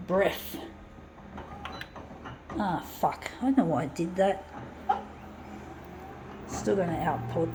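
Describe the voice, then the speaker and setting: A middle-aged woman vlogging in a blunt, ranting way and swearing freely as she chats while photocopying, with a photocopier's mechanical noise behind her. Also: mid-range voice. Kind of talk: casual chat while photocopying.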